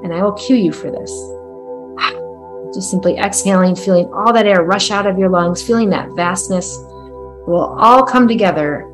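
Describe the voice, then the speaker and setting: A woman guiding a breathwork meditation with calm, soft, unhurried instructions. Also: mid-range voice, soft background music. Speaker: breathwork guide.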